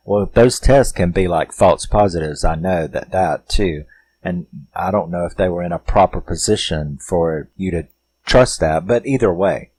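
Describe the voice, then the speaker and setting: Man, low voice, very slow pace, casual film review, rambling, profane, filler words. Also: a little mellow, rough recording.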